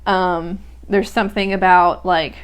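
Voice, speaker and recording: In a fairly low, flat, unhurried voice with a clean tone, a young poetry podcast host reads a poem and reflects on its lines. Her casual musing is sprinkled with many "um" and "like" fillers.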